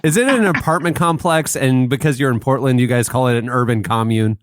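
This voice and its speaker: A man co-hosting a podcast, making wry, quick interjections. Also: medium pitch, very noisy.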